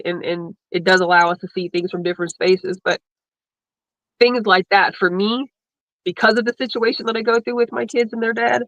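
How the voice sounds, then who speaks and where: A woman's voice: medium pitch, dry recording, poor audio. Tearful woman on a video chat. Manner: emotional, tearful and laughing. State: teary. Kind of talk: casual panel chat.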